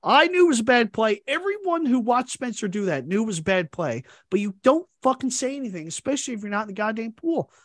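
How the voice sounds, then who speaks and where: Animated, profane podcast host man. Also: extremely high pitch, fast, few pauses, no room sound, studio quality. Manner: animated, profane, acts out others' chat messages. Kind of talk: casual fantasy sports chat.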